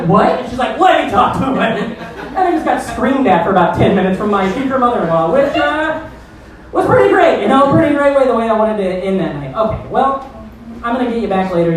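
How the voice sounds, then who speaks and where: A man hosting a stand-up comedy show, telling a loose, profane, rambling story to the crowd. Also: high voice. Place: comedy club stage. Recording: roomy, distant club recording.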